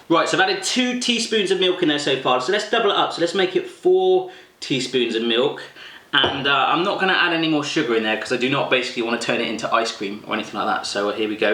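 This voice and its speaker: A British man chatting to the camera as a food vlogger, with animated, jokey, exaggerated reactions. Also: medium pitch, roomy sound. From United Kingdom. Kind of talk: casual chat to camera.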